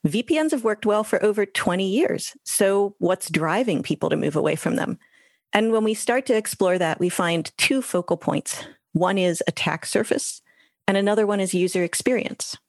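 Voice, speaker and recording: A woman, a guest expert on a podcast giving calm, composed explanations. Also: mid-range voice, moderate pace, no echo, clean studio sound. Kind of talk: interview answers.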